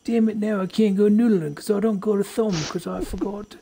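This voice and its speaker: A man's voice: high-pitched, little pitch movement, a little fast, vocal fry, dark tone, breathy edge, voice pushed up, exaggerated voice. A man doing a hammy mock Australian accent as a cheerful bloke who keeps saying mate. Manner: hammy, joking impression. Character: exaggerated Aussie bloke, cheerful, says mate a lot.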